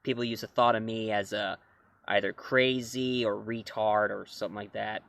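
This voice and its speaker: A man's voice: lowish voice, fairly even intonation, moderate pace, creaky, a bit bright. A man reviewing comics and films in a casual talk to camera, rambling and correcting himself as he goes. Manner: rambling, self-correcting, chuckling.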